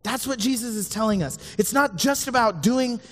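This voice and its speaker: A man's voice: very high-pitched, normal speed. Man, casual sermon, chatty and jokey, checks in with listeners, long hall reverb.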